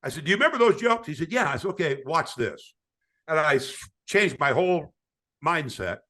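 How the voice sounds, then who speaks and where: An older man spinning a sports anecdote as a podcast guest, his voice bright and forward, with a pitch that rides high and swoops widely. He acts out the people he quotes and often stammers and restarts his sentences. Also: big pitch swings, a little fast. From United States. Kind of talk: storytelling in a podcast interview.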